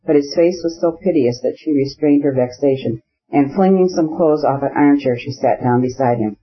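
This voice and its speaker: A man's voice: a little high, moderate pace, slightly rough. Man narrating a classic novel. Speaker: audiobook narrator. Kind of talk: scripted narration. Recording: slightly muffled audio.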